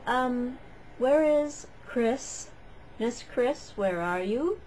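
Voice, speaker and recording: A woman voicing a stern male schoolteacher who barks sharp, commanding orders at a class. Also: on the high side, animated, very slow, a little hiss or hum, voice pushed up.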